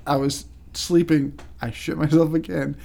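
A man's voice: fairly high pitch, flat delivery, measured pace, creaky, a little mellow. A man co-hosting a podcast, telling crude, joking stories in casual chat. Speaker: podcast co-host.

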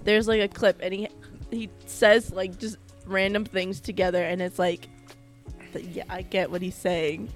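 A young woman co-hosting a podcast, trading quick playful reactions and laughing often. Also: medium pitch, little pitch movement, faint music behind. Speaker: podcast co-host. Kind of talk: casual chat.

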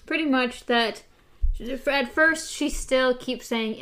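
A woman's voice: high-pitched, takes it slowly, a bit bright, smooth. A woman host casually recapping a book and reading passages aloud. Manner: recaps chattily with fillers.

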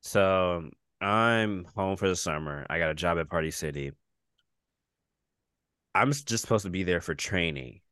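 A man's voice: clean tone, no echo, studio quality. A man co-hosting a podcast in casual chat, telling stories expressively and laughing often. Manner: slow, deep and expressive, laughing between lines. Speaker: podcast co-host.

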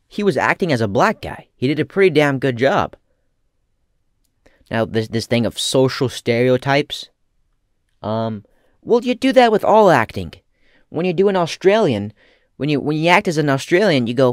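A man giving casual comedic commentary as a vlogger, rambling and profane with deadpan asides. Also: mid-range voice, moderate pace, long pauses, no echo, studio quality.

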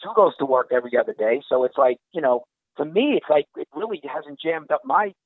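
Fast-talking man on a tinny phone line. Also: on the high side, no echo. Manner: animated, exasperated, swears, acts out quotes. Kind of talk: casual chat.

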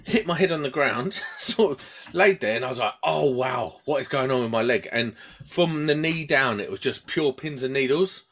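A British man in casual chat who spins a rambling tale and slips into little voices for the people in it. He speaks at an ordinary mid pitch, neither deep nor high. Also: normal speed. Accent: British English. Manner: rambling and animated, acts out voices in his stories.

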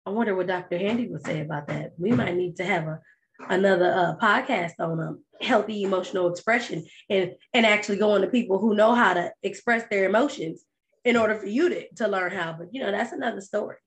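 A woman speaks as the host of a podcast, keeping a loose, conversational flow. She likes to press her points home with lively rhetorical questions. Her voice sits at an ordinary middle pitch. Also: fairly quick. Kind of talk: casual monologue.

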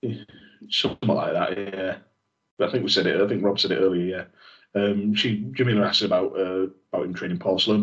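A man's voice: deep voice, steady tone, a little fast, a bit bright. A man, casually recapping a show as a podcast co-host, with dry sarcastic asides. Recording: dull lo-fi audio.

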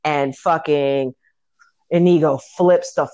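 A woman's voice: low-pitched, slow, no room sound, dull audio. A woman in casual conversation about a favorite movie, retelling scenes with energy and frequent swearing. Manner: animated, swears freely, acts out scenes.

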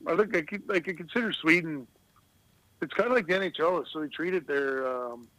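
A man's voice: on the high side, brisk, a bit bright, dry recording, rough recording. Rambling storyteller man, dry close mic. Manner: rambling storyteller, laughs at his own stories. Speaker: guest, retired hockey player. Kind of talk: casual podcast interview.

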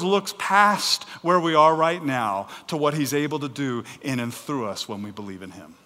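A man preaching a sermon in an animated way, swinging between loud and soft and acting out the voices in the story. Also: mid-range voice, normal speed, few pauses, big-room sound. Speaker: pastor.

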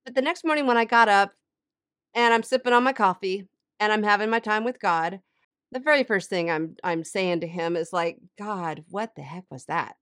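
A woman hosting a faith podcast who tells stories in a chatty, animated way, full of casual fillers. Her voice sits at a middle pitch. The recording is dry and close, with no room echo. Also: fairly quick, smooth. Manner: chatty, animated storytelling with many "like"s. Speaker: Christian life coach and podcast host.

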